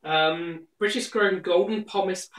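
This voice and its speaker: Host, male, slightly high voice, teasing and hesitant; echoey room. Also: fairly even intonation, unhurried, fairly bright tone. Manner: teasing, jokey, hesitant with fillers. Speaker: beer reviewer, host. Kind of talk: casual chat.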